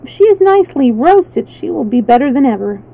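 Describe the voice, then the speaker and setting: A woman's voice: sits high, big pitch swings, fairly quick, creaky, warm tone, pitched above the performer's own voice, exaggerated voice, poor audio. A woman voicing a wry, joking straw scarecrow in a storybook reading.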